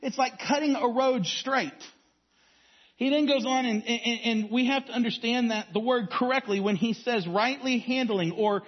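A man with a high, husky voice preaches a sermon, weaving in stories. He swings from strong emphasis down to hushed, quiet lines. The recording sounds a little dull and lo-fi. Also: moderate pace. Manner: storytelling preacher, varies volume from strong to hushed. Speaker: youth pastor.

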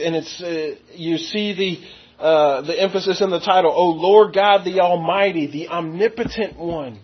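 A man preaching a verse-by-verse sermon, stressing key words and slowing down to read scripture aloud. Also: high-pitched, husky, highs cut off. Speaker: pastor.

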